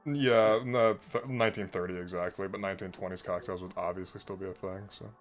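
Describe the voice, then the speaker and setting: A man playing a tabletop role-playing game, joking and quick to laugh with the others. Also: deep voice, fairly even intonation, faint music behind. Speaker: player. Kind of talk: tabletop role-play banter.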